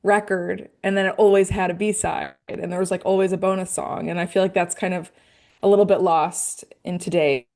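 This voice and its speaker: A woman's voice: lowish voice, fairly even intonation, moderate pace, a little mellow. A woman co-hosting a casual podcast, rambling with lots of fillers and laughing easily. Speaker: podcast co-host. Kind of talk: casual chat.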